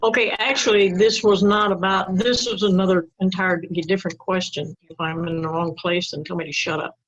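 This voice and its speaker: A woman's voice: fairly low pitch, fairly even intonation, a little fast. A woman student asking a direct question in a virtual lesson over a video call. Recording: dull lo-fi video call audio.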